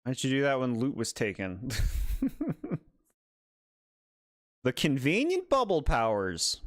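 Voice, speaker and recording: Unhurried man with lively pitch. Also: dry recording, clean studio sound. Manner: amused, laughs often at the game. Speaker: gaming streamer. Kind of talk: let's play commentary.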